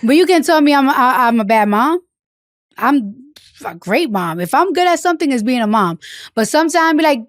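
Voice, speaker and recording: High-pitched and lively in intonation, at a moderate pace, a Bronx, New York woman answers frankly as an interview guest in a candid conversation. The clean studio recording has no room sound. She's blunt, curses freely, and peppers her speech with "like."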